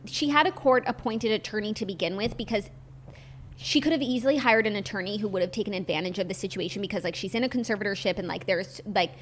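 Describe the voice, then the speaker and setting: Relaxed woman gossip co-host. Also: mid-range voice, quick pace, a little hiss or hum. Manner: relaxed, conversational, filler "like". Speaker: podcast co-host. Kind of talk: casual gossip chat and news reading.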